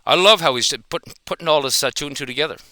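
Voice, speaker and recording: A man's voice: on the high side, fast, bright, forceful tone. A man giving an angry, profane reaction commentary, confronting another dog trainer.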